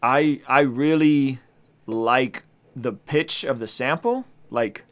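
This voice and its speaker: Over hip hop beats, a man with a mid-range voice speaks slowly while hosting a laid-back music review stream. As the show's host and reviewer, he talks to his chat in a hyped, slangy style.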